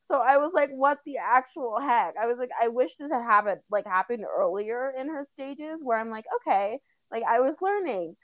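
Chatty, dramatic woman, bright and dry. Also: a little high, expressive, normal speed, few pauses, dry recording. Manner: chatty, dramatic storytelling, lots of "like". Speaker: podcast co-host. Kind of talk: casual chat.

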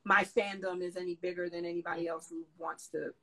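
A woman telling a lively story in a casual interview, excitable and full of slangy asides. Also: lowish voice, brisk, rough recording. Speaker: guest dancer and choreographer.

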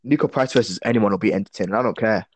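A man's voice: lowish voice, very fast. A man co-hosting a casual podcast, giving blunt, sweary opinions on fighters. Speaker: podcast co-host. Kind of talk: casual chat.

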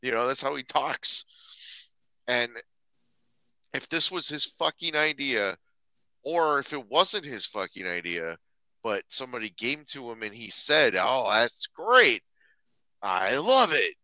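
A man's voice: mid-range voice, measured pace, long pauses, bright, forceful tone, dry recording, highs cut off. A man co-hosting a podcast, ranting in a casual, profane way, stammering and restarting often. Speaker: podcast co-host.

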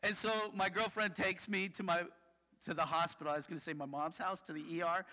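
A male pastor with a high, bright, forward voice, preaching in a casual, chatty way. He keeps tagging lines with "right?" as he tells his stories. His voice carries with a long echo through a large hall. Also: fairly even intonation, a little fast. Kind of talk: sermon with personal stories. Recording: reverberant hall.

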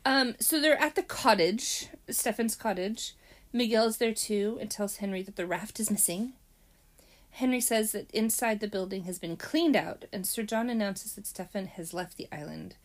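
A woman recapping a TV mystery episode in casual chat, with many ums and animated asides. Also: mid-range voice, moderate pace. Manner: chatty, hesitant with frequent ums, animated retelling.

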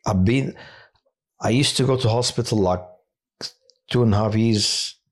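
A man who works as a hospital chaplain tells personal stories in a halting way, with many restarts and fillers. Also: lowish voice. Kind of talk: personal testimony on a podcast.

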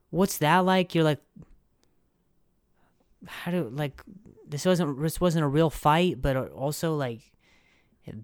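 A man's voice: medium pitch, clear, resonant tone, no room sound, clean studio sound. A young man hosting a comedy podcast, rambling and sarcastic with lots of restarts. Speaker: podcast host. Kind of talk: comedic monologue.

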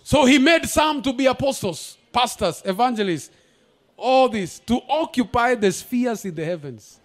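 Man, sermon, shouted declarations, lively rising and falling pitch. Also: moderate pace, faint music behind. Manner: declares prophecy in shouted bursts, switches into Swahili asides. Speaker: guest pastor. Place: church service.

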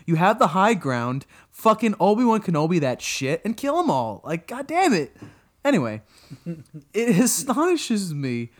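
A man reviewing a TV show on a podcast, exasperated and profane, breaking into high incredulous outbursts. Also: big pitch swings, normal speed. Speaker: podcast co-host. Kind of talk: casual episode review rant.

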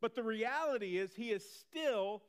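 High-voiced man preaching conversationally. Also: unhurried, clear, resonant tone. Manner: conversational preaching, animated, repeats phrases. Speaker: pastor. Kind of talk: sermon.

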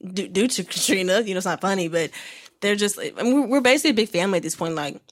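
A young woman co-hosting a casual podcast, chatting in an animated, slangy way with quick asides. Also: mid-range voice. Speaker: podcast co-host.

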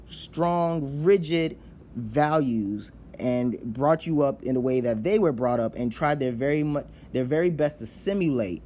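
A man's voice: medium pitch, a little mellow, slight background noise. A man from Nigeria giving a casual explanatory talk, often checking in with "right?" and restarting his sentences. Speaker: speaker on immigrant identity.

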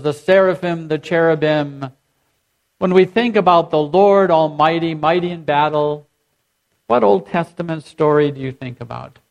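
A man preaching a sermon as pastor, leading his congregation in call and response. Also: sits high. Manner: leads the congregation in repeated chanted responses.

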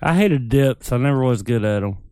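A man talking as a podcast guest, tossing in blunt, crude comments. His voice comes across clear and smooth, and the recording is close and dry. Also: mid-range voice, lively intonation, a little fast, a little mellow, no room sound. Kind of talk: casual chat.

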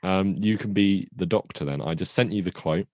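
A podcast co-host with a low, slightly mellow voice chats casually about a TV show at normal speed, teasing and laughing easily. The studio-quality recording has no room sound.

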